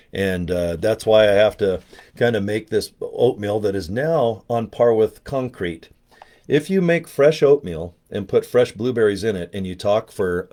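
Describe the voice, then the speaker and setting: A man's voice: fairly low pitch, darkish tone. An older man talking in a casual, rambling vlog, joking and chatty with a self-deprecating streak. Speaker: network marketing promoter.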